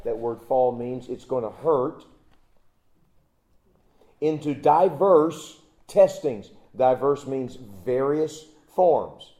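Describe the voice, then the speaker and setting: A male pastor preaching a sermon, telling folksy stories and swinging between loud emphasis and hushed asides. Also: on the high side. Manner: folksy storytelling with restarts.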